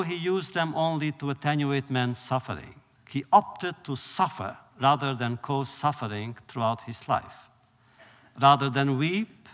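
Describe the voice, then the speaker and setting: Guy telling old stories at a lecture, slow and solemn, big hall echo. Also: mid-range voice, a bit bright. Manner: measured, solemn, with dramatic pauses. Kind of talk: storytelling lecture. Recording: long reverb of a lecture hall.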